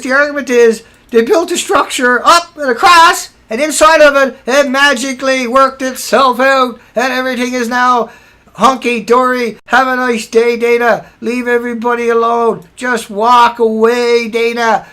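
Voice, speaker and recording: A man's voice: very high-pitched, fairly even intonation, normal speed, pushed and bright. A man hosting a livestream, tired and angry, ranting sarcastically with swearing, repeating himself and restarting sentences. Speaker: livestream host.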